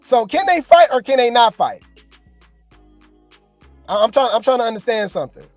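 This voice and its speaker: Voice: medium pitch, sing-song, normal speed, no echo, faint music behind. A host giving casual, slangy reaction commentary, chatting and joking with viewers.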